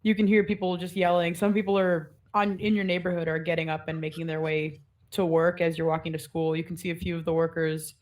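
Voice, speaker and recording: A woman's voice: on the low side, a little mellow. A woman running a tabletop game as game master, narrating scenes in a rambling way full of "like" and "kinda".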